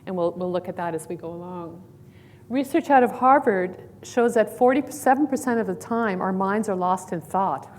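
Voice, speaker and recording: A woman counsellor leading a mindfulness exercise at a conference, giving calm, slow guided instructions with light humor. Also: mid-range voice. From Canada. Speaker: clinical counsellor. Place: conference room.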